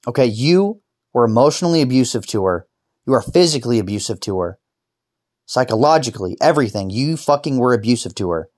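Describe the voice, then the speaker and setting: A man lying in bed telling a painful personal story, halting and restarting, swearing and rising into angry outbursts. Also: mid-range voice, lively intonation, a little mellow, no room sound, studio quality.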